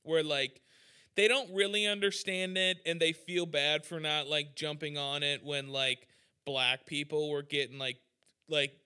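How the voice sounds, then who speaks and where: A man's voice: a little high, level tone, a little slow, pushed and bright, smooth. A young man hosting a podcast, ranting irreverently in casual chat, full of "like" and "dude". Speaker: podcast host, musician.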